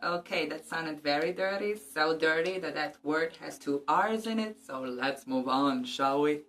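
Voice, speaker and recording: A woman's voice: sits low, measured pace, a bit bright. A woman vlogger casually discussing a book and reading passages aloud, with joking, cheeky asides.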